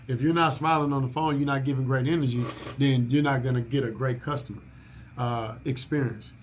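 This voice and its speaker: A man's voice: medium pitch, steady tone, fairly quick, a little hiss or hum. A man leading a staff orientation in a coaching manner, repeating his key points and asking if people follow. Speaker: business owner training new staff.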